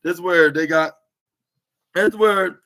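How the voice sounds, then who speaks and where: A man's voice: high voice, measured pace, bright, forceful tone. A man hosting a podcast, recapping a wrestling show in a casual, rambling way with lots of filler words. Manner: rambling, heavy on "like" and "this is where". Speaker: podcast host.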